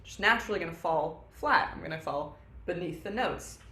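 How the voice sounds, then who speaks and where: Low-voiced woman teaching singing. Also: moderate pace, echoey room. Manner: upbeat, explanatory, sings warm-up syllables as demos. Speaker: voice instructor. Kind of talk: online singing lesson.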